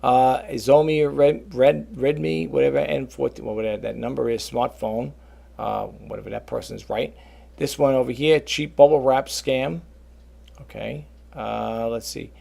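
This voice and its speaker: A man talking casually to his viewers about reselling, rambling and animated, often calling them folks. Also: mid-range voice, measured pace, creaky. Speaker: reseller vlogger. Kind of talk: casual talk to camera.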